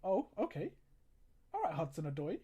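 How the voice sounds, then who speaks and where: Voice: mid-range voice, huge pitch swings, moderate pace, warm tone, slightly rough. Livestream host, watchalong commentary, exasperated, sarcastic, laughing often, reading out chat comments, casual. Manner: reads viewer comments aloud.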